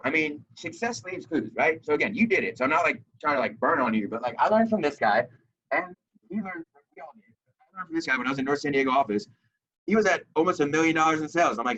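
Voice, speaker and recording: A young man giving an energetic motivational talk to a group of sales reps, telling stories and acting out dialogue. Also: on the high side, highs cut off. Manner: energetic storytelling with reenacted dialogue.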